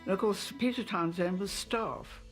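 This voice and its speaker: A woman in her eighties, a former lady-in-waiting, recalling old memories in an interview with fond, halting storytelling. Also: mid-range voice, over music. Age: 80s. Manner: hesitant, fond storytelling with fillers. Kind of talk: interview reminiscence.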